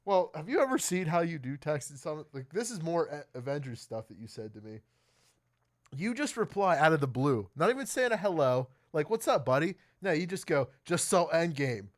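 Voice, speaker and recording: Animated young man laughing on a podcast. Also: on the high side, fairly quick. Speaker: podcast co-host. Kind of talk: casual chat.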